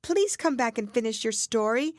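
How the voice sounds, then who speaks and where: A woman's voice: fairly high pitch, animated, normal speed, darkish tone, no room sound, clean studio sound, voice pushed up, natural voice. A woman voicing an earnest, polite young girl who talks eagerly and humbly in a storybook reading.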